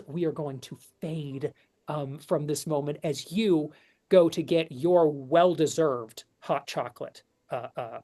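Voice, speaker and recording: Low-voiced woman game master, halting. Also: dark tone. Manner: halting, unhurried narration. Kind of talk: narrating a tabletop game.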